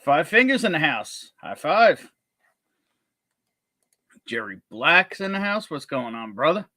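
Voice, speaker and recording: A man hosting a casual whiskey livestream, greeting viewers with jokey, upbeat shout-outs. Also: fairly high pitch, sing-song, slow, dry recording, studio quality. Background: faint background music.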